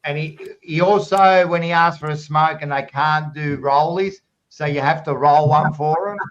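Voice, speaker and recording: High-voiced Australian man ranting and swearing. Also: fairly even intonation, normal speed. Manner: heated ranting, heavy swearing. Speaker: podcast co-host. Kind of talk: casual panel chat. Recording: dull lo-fi recording.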